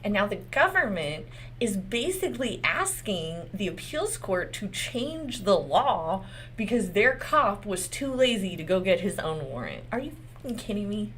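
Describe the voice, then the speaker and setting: A Texan woman lawyer talks through a case in a loose, conversational way, cursing freely and tossing out rhetorical questions. Her pitch swings a lot, and a faint hiss sits under the recording. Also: sing-song, measured pace, a bit bright. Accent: Texas. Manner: candid, profane, rhetorical questions. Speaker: lawyer commentator. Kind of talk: casual legal commentary.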